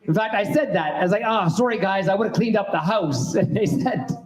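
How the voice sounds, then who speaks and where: Guy rambling thru a standup bit, highish voice, echoey club room. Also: brisk. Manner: rambling, self-deprecating storytelling with lots of ums. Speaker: stand-up comedian. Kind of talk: stand-up set. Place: comedy club stage with audience. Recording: roomy club sound.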